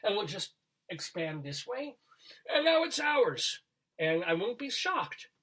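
Husky-voiced rambling male talk host. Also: sits high, big pitch swings, unhurried, bright, forceful tone. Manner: rambling, jumps between topics, laughs at his own jokes. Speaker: radio show host. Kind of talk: casual chat.

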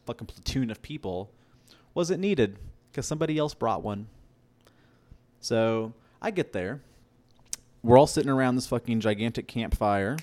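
A young man co-hosting a podcast, telling a long, rambling, profane story and acting out the quotes. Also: fairly low pitch. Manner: profane, rambling, animated anecdotes with acted-out quotes. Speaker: podcast co-host. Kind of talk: casual storytelling.

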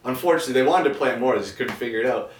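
A man hosts a casual interview, asking his questions in a playful, joking way. His voice sits at an ordinary middle pitch. He sounds distant from the mic in an echoey room. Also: very fast.

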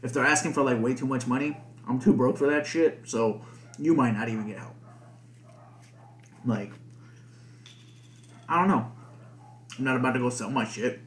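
A man's voice: medium pitch, normal speed, pauses often, a little hiss or hum. A young man hosting a podcast alone, rambling casually with lots of swearing and filler words. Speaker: podcast host. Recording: echoey room.

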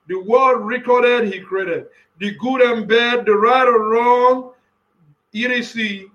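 A man preaches with fervor in a very high, bright voice. He speaks slowly and deliberately, repeating phrases and rising into emphatic shouts. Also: rough recording. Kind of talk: impassioned sermon.

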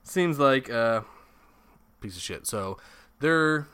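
A man's voice: medium pitch, animated, slow, a bit bright, clean tone. A man hosting a casual movie review, rambling, swearing a lot and laughing often. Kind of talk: casual chat.

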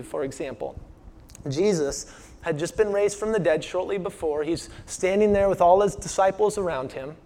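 A man preaching a sermon in a conversational style, asking the congregation rhetorical questions and dropping his voice soft for emphasis. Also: sits high. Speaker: pastor.

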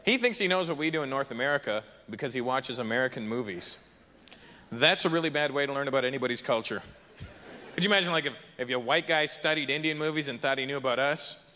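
A young man performing a punchy, lively stand-up set on a festival stage. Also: mid-range voice, fast talker. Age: young adult. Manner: lively, punchy, jumps into voices. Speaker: stand-up comedian. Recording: echoey hall, light hiss.

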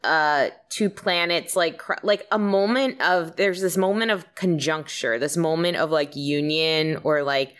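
A woman's voice: low-pitched, unhurried, hardly any pauses, a bit bright, clear, resonant tone. A woman co-hosting a podcast, musing aloud in casual chat with many restarts. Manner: reflective, musing, full of "like" and restarts. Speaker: podcast co-host.

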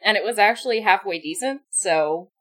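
A woman's voice: mid-range voice, animated, moderate pace, a bit bright, rough recording. A woman co-hosting a podcast, chatting bluntly about a romance book and laughing with friends. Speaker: podcast co-host. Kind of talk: casual book chat.

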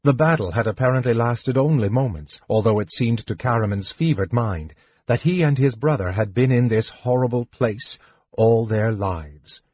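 A man reading a fantasy audiobook in a measured, dramatic narration. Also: medium pitch, a little mellow, slightly rough, no room sound, highs cut off.

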